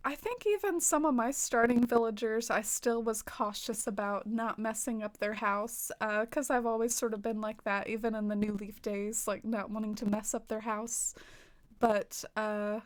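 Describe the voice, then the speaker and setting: A woman from the American South with a light, easy twang, chatting with her viewers while she plays a game. Her voice sits a little high, and her talk is loose and giggly, full of "like" and small laughs. It sounds close to a desk microphone. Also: normal speed. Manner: chatty, giggly, filler-heavy with frequent "like". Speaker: game streamer. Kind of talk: casual stream chat, reading viewer comments.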